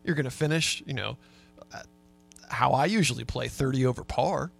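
A man's voice: medium pitch, normal speed, creaky, a bit bright, faint music behind. A man co-hosting a sports talk radio show, easygoing, sharing researched facts with hesitant fillers. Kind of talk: casual sports radio chat.

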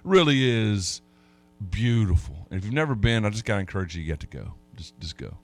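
A man on sports talk radio spins folksy, meandering stories and keeps restarting, with soft music playing in the background. He speaks briskly in a sing-song voice that sits on the low side.

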